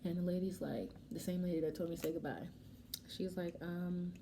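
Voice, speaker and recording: A young adult woman vlogger casually telling a personal story while doing her makeup, animated and emotional, acting out what people said. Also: fairly low pitch, fairly quick, background noise. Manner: emotional, animated retelling with quoted dialogue. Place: home, getting ready.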